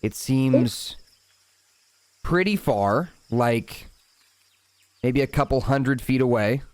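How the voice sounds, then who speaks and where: Smooth-voiced man running a tabletop game. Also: mid-range voice, slow, dry recording. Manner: calm, descriptive scene-setting with casual asides. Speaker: dungeon master.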